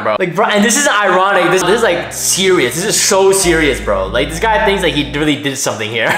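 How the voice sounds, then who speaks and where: A man reacting to clips with mocking disbelief, his pitch leaping around in a lively, slightly high voice. He sometimes bursts into incredulous shouts. His voice rings in a roomy, echoey space with music playing underneath. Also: a little fast, few pauses. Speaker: reaction video host. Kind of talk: casual commentary.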